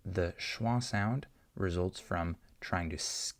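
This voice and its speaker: Slow, low gravelly male teacher. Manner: explains patiently, many fillers and "right?" checks. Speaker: English pronunciation teacher. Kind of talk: unscripted online lesson answering questions.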